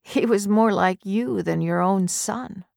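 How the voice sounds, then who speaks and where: A woman's voice: mid-range voice, slow, vocal fry, darkish tone, no echo, clean studio sound. A woman reading a story aloud, voicing a grieving young mother who is distraught and bitter, in a tearful, strained, raised voice.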